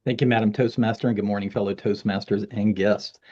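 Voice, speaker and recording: Man, formal timer report, measured, low mellow voice, dull lo-fi sound. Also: steady tone. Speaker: meeting timer. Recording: dull lo-fi audio.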